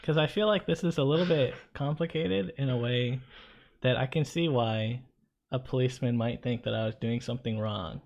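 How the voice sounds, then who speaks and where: Male co-host, chatty anecdote-teller, average pitch, casual tone. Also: moderate pace, creaky. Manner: animated anecdote-teller, conversational. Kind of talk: casual storytelling chat.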